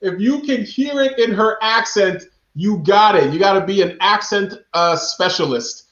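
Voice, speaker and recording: High-voiced man hosting a live game show. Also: moderate pace, a bit bright. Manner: playful, repeats questions to the chat. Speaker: show host. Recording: echoey room, dull lo-fi sound.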